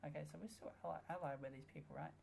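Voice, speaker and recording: Woman doing let's play commentary, low gravelly voice, snarky and sweary. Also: fairly even intonation, rapid-fire, a little mellow. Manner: sarcastic, swearing, playful banter at the game. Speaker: gamer.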